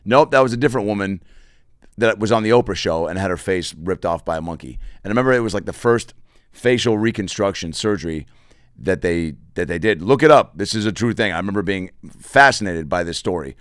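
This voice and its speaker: A man hosting a comedy podcast, telling crude stories in an animated, rambling monologue full of tangents. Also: deep voice, fairly quick, no room sound, clean studio sound.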